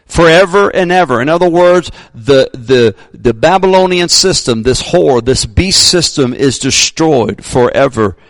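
A male pastor preaching a sermon, emphatic, sometimes shouting his readings, joking about himself. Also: a little high, animated, unhurried, few pauses, no echo.

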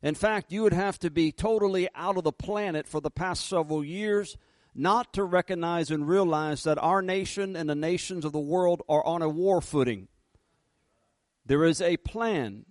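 A man's voice: a little high, darkish tone, dry recording. Fervent male preacher, dry sound. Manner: fervent preaching, slows and rises for emphasis. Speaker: pastor. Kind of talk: sermon.

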